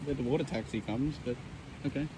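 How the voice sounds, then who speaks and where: A man's voice: medium pitch, a little fast. A man bantering offhand and a bit dry as a travel companion, outdoors on a water taxi in the rain. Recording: distant, dull mic with loud wind on a boat.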